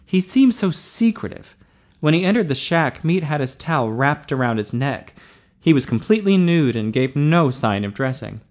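A man narrating a story aloud in a steady, low-key reading. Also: moderate pace. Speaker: audiobook narrator. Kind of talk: scripted narration.

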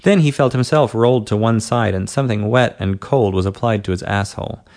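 Man reading a story aloud, steady. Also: lowish voice, a little fast. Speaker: narrator.

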